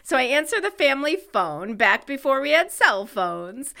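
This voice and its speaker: A woman co-hosting a podcast, her voice pitched a little high and bright, with a tone that swings widely. She tells stories with lively energy. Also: normal speed, creaky. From United States. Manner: lively storyteller. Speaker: podcast co-host. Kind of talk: casual podcast chat.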